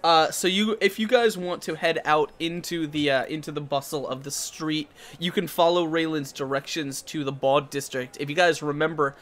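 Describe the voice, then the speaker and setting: Male game master, slightly high voice, halting narration full of fillers. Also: fairly even intonation, a bit bright. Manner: hesitant, many fillers and restarts.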